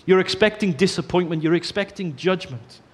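A man preaching a sermon, earnest, often dropping to a soft hush on key phrases. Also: sits high, normal speed, slightly rough.

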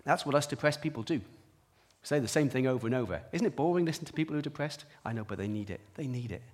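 A man giving a sermon, telling his own story in a personal way, dropping quiet and then rising to emphatic peaks. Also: mid-range voice, expressive, quick pace. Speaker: preacher.

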